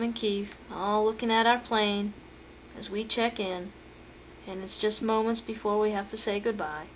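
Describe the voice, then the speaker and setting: A woman's voice: on the high side, a bit bright, slight background noise. Chatty woman recounting vacation photos. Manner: chatty storytelling with fillers. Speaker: home video narrator.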